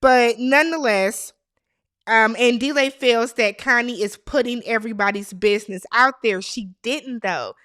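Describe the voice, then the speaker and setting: A woman's voice: fairly high pitch, unhurried, fairly bright tone, no room sound, clean studio sound. A woman hosting a casual, gossipy TV recap, talking straight to her viewers with strong opinions. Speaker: TV show recap host.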